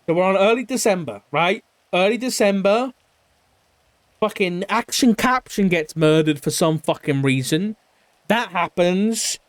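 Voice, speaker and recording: A man's voice: sits high, measured pace, no echo. A man recapping an investigation in character, rambling and swearing a lot, sometimes mimicking other people. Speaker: roleplay streamer.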